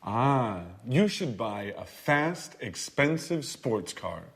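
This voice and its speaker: A man's voice: mid-range voice, sing-song, takes it slowly, gravelly, exaggerated voice. An actor playing a cheerful male coworker who gives teasing advice in a scripted course-book dialogue. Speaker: dialogue character in a language course.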